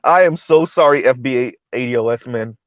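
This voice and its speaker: A man hosting a live-stream commentary show, talking in an animated, incredulous way, repeating words and restarting sentences. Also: medium pitch, brisk, dry recording, lo-fi sound.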